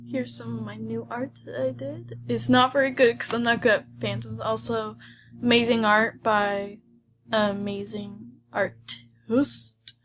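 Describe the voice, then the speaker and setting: A young woman chatting casually over gameplay, excitable and often dropping into a whisper. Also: a little high. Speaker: gaming video host.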